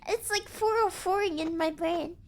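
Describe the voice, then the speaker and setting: A woman's voice: extremely high pitch, normal speed. A woman streamer chatting casually and playfully, giggling often. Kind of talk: casual live-stream chat.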